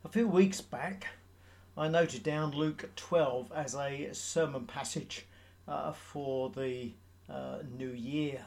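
A man preaching a sermon in a measured, halting way, with frequent pauses and fillers. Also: fairly high pitch, creaky, a little mellow.

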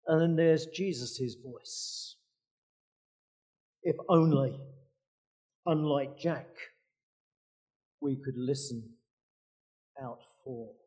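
A man's voice: mid-range voice, very slow, long pauses, warm tone. A man preaching a sermon in a conversational way, with dry asides and frequent fillers.

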